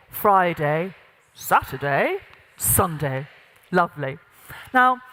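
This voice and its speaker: A woman's voice: fairly high pitch, fairly bright tone. A middle-aged woman leading an interactive workshop, giving directions and demonstrating exercises to a group in a large room. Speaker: voice and presence coach. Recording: long reverb of a large hall.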